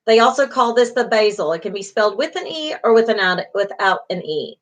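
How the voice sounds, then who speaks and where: A woman's voice: mid-range voice, lively intonation, brisk. A middle-aged woman, a beauty school instructor giving an online class lecture, encouraging, with many fillers, repeating key terms.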